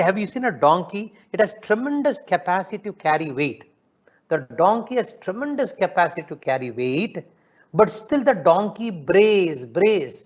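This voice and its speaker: A man giving a lively spiritual talk, often asking his listeners questions. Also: high-pitched, muffled recording. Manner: lively, asks the audience questions, mixes in Tamil. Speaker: spiritual teacher. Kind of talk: spiritual talk to an online audience. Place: ashram.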